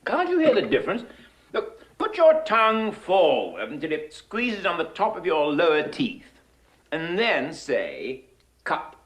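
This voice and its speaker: Professor Higgins, an exasperated professor. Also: male voice, on the high side, wildly swooping pitch, a little slow. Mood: instructing. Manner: exasperated, lecturing, theatrical. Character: imperious male phonetics professor drilling a pupil. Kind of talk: 1960s film musical acting.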